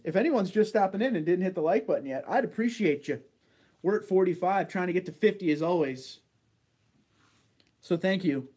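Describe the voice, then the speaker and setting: Chatty man hosting a livestream, higher voice. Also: darkish tone. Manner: laid-back, chatty, laughs easily. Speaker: livestream host reading chat. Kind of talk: casual chat.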